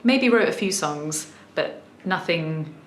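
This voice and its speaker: A woman's voice: sits low, lively intonation, slow, reverberant, slight background noise. A woman in her thirties with a southern English accent, chatting thoughtfully in a casual question-and-answer vlog. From south of England. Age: 30s. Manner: chatty, thoughtful, many small restarts. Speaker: musician vlogger.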